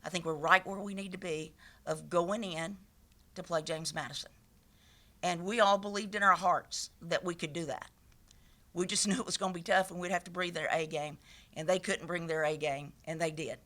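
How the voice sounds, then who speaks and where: A woman's voice: lowish voice, fairly even intonation, normal speed, a bit bright. A woman head coach speaking at a press conference, emphatic and passionate, repeating her key points.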